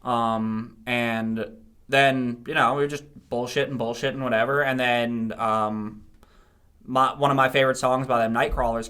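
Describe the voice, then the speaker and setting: A man's voice: mid-range voice, pushed and bright, clean tone. A man, a band's vocalist, telling stories in casual podcast chat, swearing and laughing often. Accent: New Jersey. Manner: laughing, storytelling, swearing freely. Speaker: band vocalist guest.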